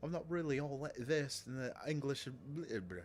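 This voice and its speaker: A man's voice: mid-range voice, normal speed, a little hiss or hum. A man streaming a game in casual commentary, rambling and joking with many restarts and repeated words.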